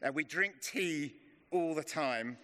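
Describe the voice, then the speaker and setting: A man's voice: a little high, lively intonation. A man, middle-aged, giving an informal, chatty and self-deprecating sermon as a preacher. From England. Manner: chatty and self-deprecating, slows to a hush in prayer. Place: church hall. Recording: long reverb of a church hall.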